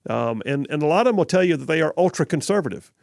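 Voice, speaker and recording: Gravelly Southern radio host, laughing easily. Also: male voice, a little high, expressive, fast, a little mellow, no echo, clean studio sound. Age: middle-aged. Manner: rambling, chuckling, self-correcting. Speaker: radio talk show host. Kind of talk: casual live call-in radio chat. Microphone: studio microphone.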